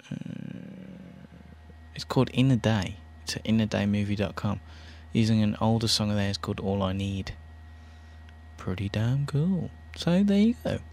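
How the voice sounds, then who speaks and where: A man's voice: fairly low pitch, a little mellow. A British man hosting an internet radio show, chatting casually in a rambling, self-deprecating way.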